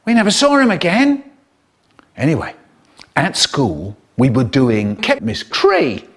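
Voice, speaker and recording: A man telling comic stories in a theatrical, animated way, cut up and re-edited. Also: fairly high pitch, measured pace. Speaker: children's storyteller. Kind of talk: chopped-up comic storytelling.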